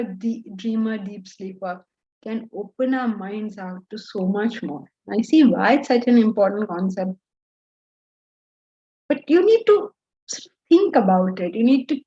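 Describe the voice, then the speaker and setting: A high-pitched woman with an Indian accent lectures her students on Vedanta. She talks in an animated, scolding way and fires off rhetorical questions. The recording sounds dull and lo-fi. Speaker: Vedanta teacher.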